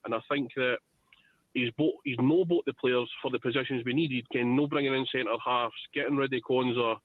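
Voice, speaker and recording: Scottish man, phone-in caller, hesitant and halting, dry close sound, thin phone-line audio. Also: medium pitch, fairly even intonation, no room sound. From Scotland. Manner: hesitant, many restarts and fillers, says "wee" and "ken". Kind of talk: casual call-in opinion. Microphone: telephone.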